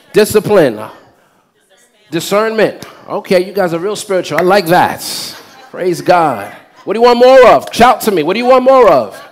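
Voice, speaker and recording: A man with a high voice preaches a sermon to his church. He calls out questions to the crowd and climbs into loud, shouted lines. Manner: preaching with rising shouts and call-and-response. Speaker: pastor.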